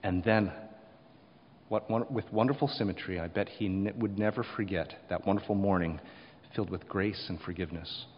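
A man preaching a sermon, rising to loud emphasis and then dropping quiet, often acting out short quotes. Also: sits low, normal speed, long reverb tail, muffled recording, a little hiss or hum. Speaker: pastor.

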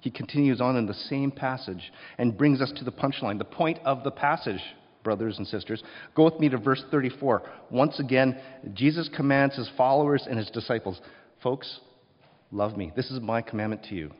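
A male pastor preaching a sermon, swinging between hushed and loud passages and acting out voices. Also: medium pitch, brisk. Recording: dull sound with long hall reverb.

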